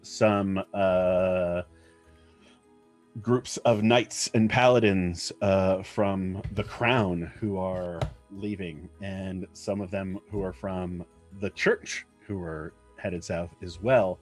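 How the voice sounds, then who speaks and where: A man narrating as game master for a tabletop game, halting often with ums and uhs. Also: deep voice, fairly even intonation, a little mellow. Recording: faint music behind.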